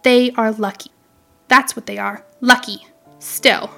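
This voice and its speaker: A fussy, sharp-tongued little wren scolds and chatters in a storybook reading, as a woman puts her on. The voice sits fairly high and stays tart and quick to reprove. Faint music plays underneath. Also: fairly even intonation, vocal fry, heavily acted. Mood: chattering.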